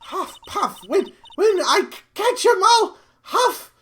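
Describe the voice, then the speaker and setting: Streamer doing a breathless, scolding old lady guard, high and jumpy, lively pitch. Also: slow pace, exaggerated voice. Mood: huffing, cross. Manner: huffs and puffs between words, scolding. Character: wheezing cranky old woman security guard. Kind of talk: reading game dialogue aloud on stream.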